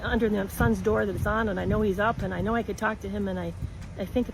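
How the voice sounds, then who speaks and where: A woman telling a personal story in an earnest, halting way, with many restarts. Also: medium pitch, fairly even intonation, noisy background.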